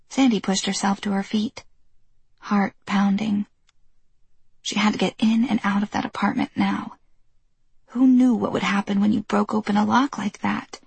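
Husky woman narrating an audiobook. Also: mid-range voice, no room sound.

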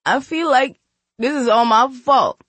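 A woman plays a young woman sunk in grief, snapping bitterly and near tears. Her voice rises high and strained. The recording is dry and close. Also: a little slow, fairly bright tone, no echo. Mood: sobbing. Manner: bitter, tearful.

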